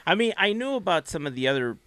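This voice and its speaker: Podcast co-host, male, bright and smooth, easygoing chat, dry close mic. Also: high-pitched, very animated, fast talker, no echo. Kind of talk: casual chat.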